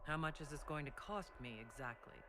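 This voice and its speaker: Actor playing a pragmatic male hero, American accent, flat and matter-of-fact; a little above average pitch for a man, heard through noisy game audio. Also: fairly quick, natural voice. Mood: guarded.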